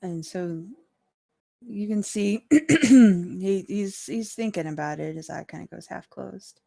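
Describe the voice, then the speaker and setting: A woman running a tabletop game as dungeon master, narrating in a relaxed, meandering way and laughing often. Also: mid-range voice, takes it slowly, vocal fry.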